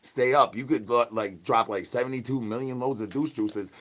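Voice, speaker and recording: A man's voice: mid-range voice, moderate pace. A young man talking into his phone on a live stream, rambling in a playful, sing-song way full of nonsense catchphrases.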